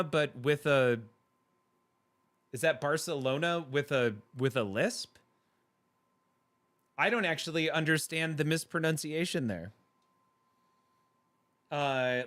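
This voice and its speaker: A man's voice: a little high, measured pace, pauses often, fairly bright tone. A man hosting a livestream, chatting casually with viewers and laughing often in a playful way. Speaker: livestream host reading chat. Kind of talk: casual chat.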